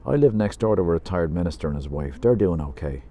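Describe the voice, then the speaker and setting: A man's voice: deep voice, lively intonation, quick pace, mellow. A man voicing an impatient pub regular who teases his friend dryly. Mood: teasing. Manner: dry, teasing.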